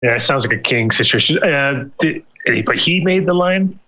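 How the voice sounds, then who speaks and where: A man co-hosting a casual podcast, tossing in quick jokey comments and questions. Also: on the high side, animated, bright, forceful tone. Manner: jokey interjections.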